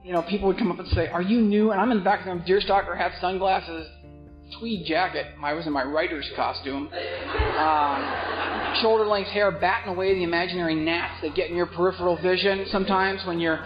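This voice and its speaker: A man's voice: high voice, steady tone, brisk. A man telling his recovery story with wry, self-mocking humor, acting out the people he meets. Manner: wry, self-mocking, acts out other voices. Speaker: recovery meeting speaker. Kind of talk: comedic storytelling talk. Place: meeting hall with live audience. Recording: roomy, muffled hall recording with music.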